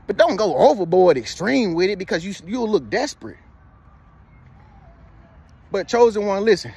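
A man's voice: high-pitched, sing-song, normal speed, darkish tone, husky. A man in his thirties giving casual motivational advice, preachy and repetitive, who keeps checking in with "you feel me.". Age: 30s. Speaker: motivational vlogger.

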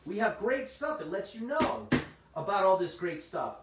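A middle-aged man, slightly hoarse, hosting a comic shop livestream in casual, chatty talk and answering viewers' comments. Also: sits high, sing-song, normal speed. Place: indoor room. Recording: roomy, distant mic, faint noise.

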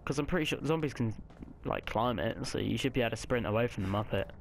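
A man giving casual, chatty let's-play commentary, swearing often and reacting loudly to the game. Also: mid-range voice, fast talker, creaky. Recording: noticeable background noise.

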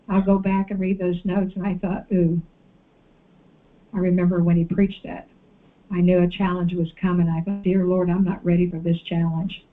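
A woman preacher delivering an animated sermon and calling out to the congregation in a church. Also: mid-range voice. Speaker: guest preacher. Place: church sanctuary. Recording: tinny phone-like audio.

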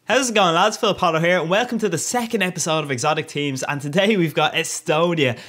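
A gaming YouTuber with a fairly high, slightly bright voice talks fast while giving casual, cheeky commentary over a football video game. He cracks crude jokes and laughs often.

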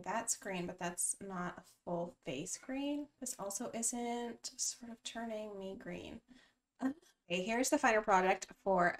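Chatty woman narrating a game. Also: medium pitch. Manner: chatty, bubbly, self-correcting. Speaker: gaming channel host. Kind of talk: casual game commentary. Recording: voice distant from the mic, faint music.

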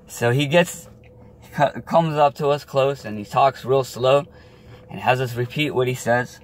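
An animated man telling a family story to his viewers in a casual, chatty way. He laughs as he tells it, and his voice sits at an ordinary pitch for a man. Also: unhurried. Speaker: vlogger.

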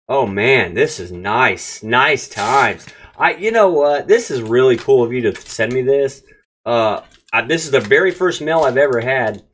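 A man hosts a casual pack-opening vlog, gushing over each card and talking straight to his viewers. His pitch swings widely, climbing high when something excites him and dropping low in between. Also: slight background noise. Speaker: card-opening channel host.

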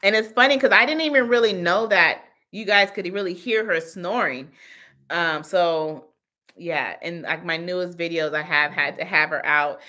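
A woman's voice: on the low side, normal speed, sharp tone. A woman in her thirties hosting a casual livestream Q&A as a business coach, chatty and laughing often as she answers the chat.

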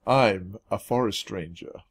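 A man voicing a big, tough, muscled male mouse forest ranger who talks gruffly in a storybook reading. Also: on the low side, slow pace, pitched below the performer's own voice. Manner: gruff, announcing.

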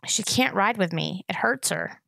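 A woman's voice: medium pitch, lively intonation, measured pace, vocal fry, no room sound, heavily acted, poor audio. A woman voicing a desperate young boy in a storybook reading, pleading and crying out for his little sister. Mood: worried. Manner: pleading and shouting in panic.

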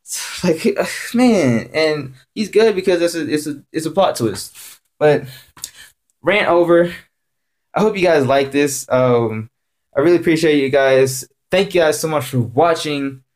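A man giving a casual rant-style video review, excitable and rambling, repeating himself and jumping up in pitch when worked up. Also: unhurried. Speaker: anime reviewer.

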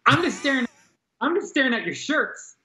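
A man's voice: very high voice, big pitch swings, moderate pace, bright, forceful tone. A man cohosting a podcast remotely, teasing the others in laid-back casual chat. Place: remote, from another city.

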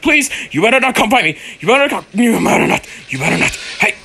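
Panicky young man with a lively voice. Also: extremely high pitch, quick pace, breathy edge. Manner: panicky, pleading, repeats phrases. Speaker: gamer playing a horror game. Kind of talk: let's play commentary.

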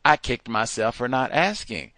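A man hosting a call-in talk show, speaking in an animated, emphatic way and repeating words for stress. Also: medium pitch, moderate pace, no echo. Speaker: host. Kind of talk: call-in radio talk monologue.

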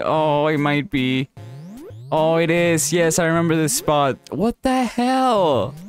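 A man commentating his own gameplay, often frustrated, swearing and laughing at himself, sometimes pleading with the game. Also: sits high. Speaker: gaming channel host. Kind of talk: live let's play commentary.

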